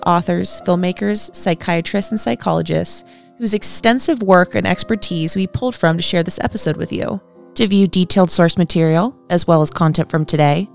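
A woman's voice: on the low side, vocal fry. A woman co-hosting a podcast, speaking casually with wry, sarcastic asides. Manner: wry, sarcastic, laughs often. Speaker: podcast co-host. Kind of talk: casual chat.

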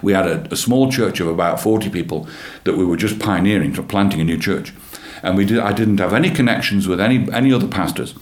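A man, a church leader giving an earnest, animated personal testimony in an interview, often repeating his phrases. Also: low-pitched, fast talker, few pauses. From England. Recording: roomy echo.

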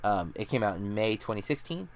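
A man's voice: on the low side, big pitch swings, a little fast. Chatty man rambling through movie reviews. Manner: rambling, chatty, full of "like" and restarts. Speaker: movie review podcast host. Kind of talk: casual chat.

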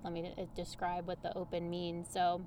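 A woman talking as a guest on a podcast, coaching people on human design in a lively, chatty way full of everyday examples. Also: on the low side, moderate pace, slight background noise. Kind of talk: casual conversational interview.

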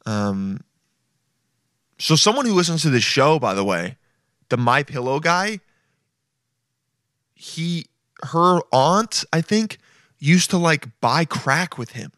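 A man's voice: on the high side, expressive, slow, pauses often, fairly bright tone, no echo, studio quality. A young man hosting a casual comedy podcast, crude and mocking, often slipping into silly voices. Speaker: podcast host.

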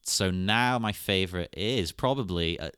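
A podcast host with a low-sitting, fairly bright voice that's clear and resonant chats casually at normal speed, laughing often. The sound is clean studio audio with no room sound.

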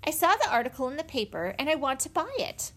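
A woman's voice: high voice, big pitch swings, quick pace, fairly bright tone, voice pushed up. A woman doing an eager, fidgety salesman type. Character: nervous, pushy middle-aged male campaign agent.

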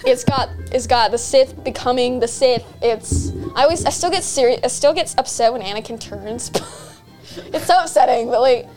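A woman's voice: on the high side, moderate pace, a little mellow, soft background music. Chatty woman, rambling casual talk. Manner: chatty, rambling with restarts and laughs. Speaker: co-host. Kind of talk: casual chat.

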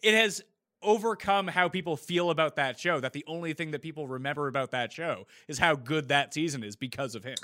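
A man's voice: fairly high pitch, a little fast, bright, forceful tone. A man hosting a casual podcast debate, blunt and opinionated about TV shows. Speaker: podcast host.

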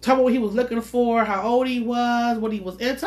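A woman co-hosting a podcast, telling stories slowly in casual chat and acting out what people said, on a studio microphone. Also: fairly high pitch, fairly even intonation, darkish tone. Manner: slow storytelling, laughing asides, acts out quotes. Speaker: podcast co-host.

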